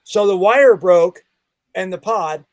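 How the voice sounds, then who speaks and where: A man's voice: sits high, takes it slowly, no echo. A man being interviewed as a podcast guest, telling a story with lots of animation and acting out the sounds and voices in it. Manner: acts out sounds and quoted voices.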